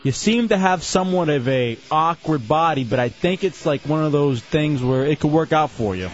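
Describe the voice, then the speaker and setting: A man's voice: on the high side, lively intonation, normal speed, dull audio. A man hosting a radio show, bantering and scolding a crew member in a teasing way. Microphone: studio mic.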